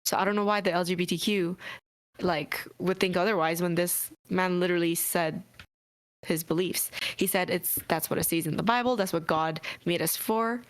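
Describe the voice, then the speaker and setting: A woman co-hosting a live stream, talking in an animated, emphatic casual way. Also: lowish voice, moderate pace. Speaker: co-host. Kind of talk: casual chat.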